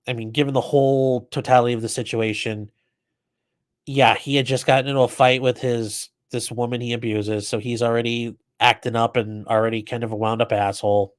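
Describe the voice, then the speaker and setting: A man hosting a live commentary stream, reading chat questions aloud and answering off the cuff. His voice sits at an ordinary middle pitch, and his manner is blunt, chatty and freely profane. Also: level tone, a little fast. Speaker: livestream host commenting on a trial.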